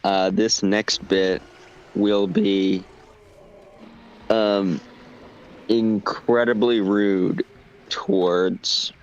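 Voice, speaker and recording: A man's voice: on the low side, flat delivery, very slow, long pauses, dull audio. A man co-hosting a stream, chatting casually over gameplay, easily distracted and swearing freely. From United States. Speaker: stream co-host.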